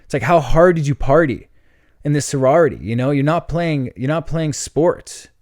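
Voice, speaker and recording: A man's voice: on the high side, normal speed, a little mellow, dry recording, studio quality. A young man hosting a solo comedy podcast, telling a rambling story with lots of fillers and laughter. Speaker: podcast host.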